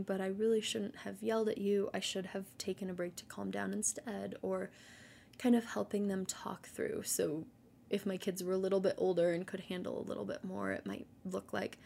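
A woman in her thirties hosting a solo parenting podcast, earnest and practical, often dropping into a breathy near-whisper. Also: medium pitch, normal speed, warm tone, a little hiss or hum. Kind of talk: casual solo podcast talk.

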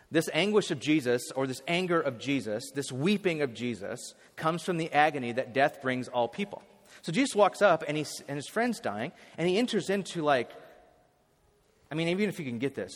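A man preaching a sermon in a church hall, his voice on the higher side and trailing off into a long reverb. He talks in an animated way, breaking into sudden loud bursts and often restarting his words. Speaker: pastor.

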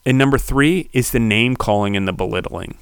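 A man hosting a podcast, delivering a heated, preachy solo monologue that swears and builds to shouting. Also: medium pitch, fairly quick, smooth, no room sound, studio quality. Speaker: podcast host.

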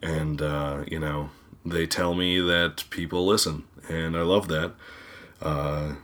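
Guy with a cold doing his podcast sign-off, super low voice, earnest and a bit rambly. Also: steady tone, takes it slowly, a bit bright. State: sick, congested voice. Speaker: podcast host.

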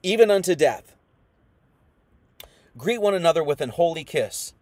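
High-voiced man preaching a sermon. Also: expressive, moderate pace, long pauses, no room sound. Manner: reads scripture aloud, then explains it in casual slang; swings between hushed reading and loud emphatic preaching.

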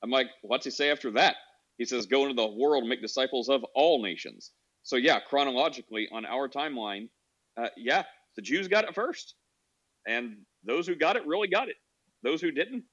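Bright-voiced casual host, lo-fi sound. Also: male voice, medium pitch, lively intonation, moderate pace. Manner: easygoing, lots of fillers. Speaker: host of a social audio room. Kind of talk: casual chat. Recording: dull lo-fi audio.

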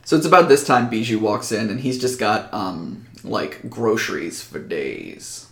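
A man's voice: lowish voice, lively intonation, a little slow, gravelly, a bit bright. A man running a tabletop game as game master, talking casually with fillers and restarts. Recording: echoey room.

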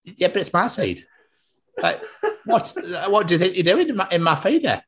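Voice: mid-range voice, wildly swooping pitch, moderate pace, fairly bright tone. A podcast host voicing two garden birds who bicker and swear over a bird feeder. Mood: squabbling. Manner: petty, indignant, sweary. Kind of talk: improvised comedy bit.

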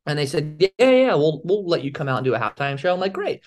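Animated young man telling stories. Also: on the high side, fast talker. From Philadelphia area, USA. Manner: animated storyteller, acts out quoted dialogue. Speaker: guest, balancing performer. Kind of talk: casual storytelling interview.

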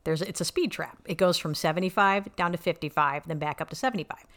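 A woman comedian telling a story in casual chat, animated, acting out the voices of the people in it. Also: fairly low pitch, fast. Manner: animated, acts out quoted voices. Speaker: stand-up comedian guest.

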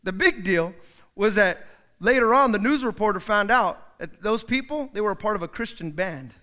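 A male pastor delivers a sermon in a strikingly high voice. His tone is bright and ringing. He acts out the people he quotes with big, loud outbursts. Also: expressive, moderate pace.

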